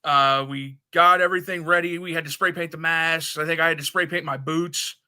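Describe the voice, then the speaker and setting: Male podcast guest, bright and sharp tone, a bit high, easygoing rambler. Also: steady tone, brisk, smooth. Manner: laid-back, short agreements, rambling recollections. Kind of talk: casual chat, reminiscing.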